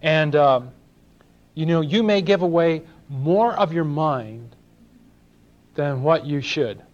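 Preaching in a slow, animated way with a fairly high pitch, this older Los Angeles man speaks to his congregation like a conversation. He poses questions to them and acts out small dialogues, captured in a dull lo-fi recording.

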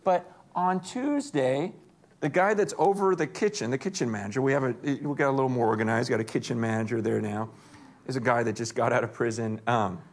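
A man preaching a sermon, telling stories with energy and swinging between hushed and excited moments. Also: medium pitch, brisk. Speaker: pastor.

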